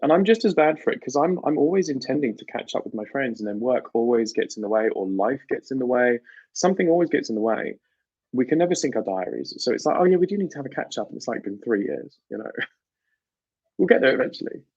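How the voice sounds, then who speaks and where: A man's voice: medium pitch, lively intonation, a little fast, a little mellow, husky, dry recording, lo-fi sound. A British man hosting a livestream, chatting casually and animatedly with viewers and laughing often. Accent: British English. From United Kingdom. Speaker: livestream host. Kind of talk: casual chat with live viewers.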